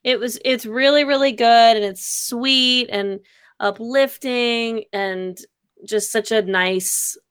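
A woman's voice: fairly high pitch, steady tone, takes it slowly, fairly bright tone, clean tone, no room sound, clean studio sound. A woman chatting casually with friends in a comedy chat, earnestly setting up questions for the group.

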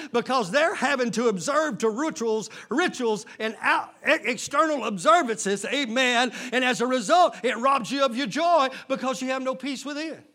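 A man preaching a fiery sermon, his voice pitched very high and ringing bright. He keeps calling out to the congregation for an amen and builds to shouts. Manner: fervent preaching with call-and-response. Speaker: pastor.

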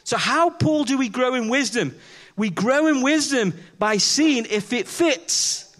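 A man delivers a chatty sermon to a church congregation, joking at his own expense. His voice sits high and swings widely as he acts out little scenes and quizzes the crowd. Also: lively intonation, unhurried, a bit bright. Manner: chatty, self-deprecating, acts out dialogue with the congregation. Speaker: preacher. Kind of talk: conversational sermon with humorous stories.

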